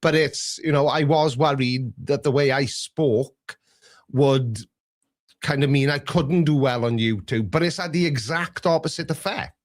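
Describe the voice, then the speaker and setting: A man's voice: mid-range voice, measured pace. A man with a Welsh accent hosting a call-in show, talking in a chatty, self-deprecating, storytelling way. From Wales. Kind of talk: casual chat.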